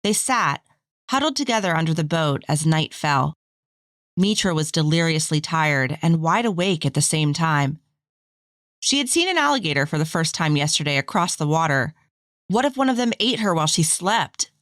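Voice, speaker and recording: Low-voiced woman narrating an audiobook. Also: very animated, moderate pace, a bit bright, no room sound, clean studio sound.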